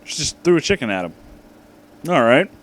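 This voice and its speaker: A man's voice: medium pitch, sing-song, a little fast, low-quality recording. A man reading a fanfic aloud for comedy, reacting with disbelief. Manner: incredulous, breaking into laughter between lines. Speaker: reader.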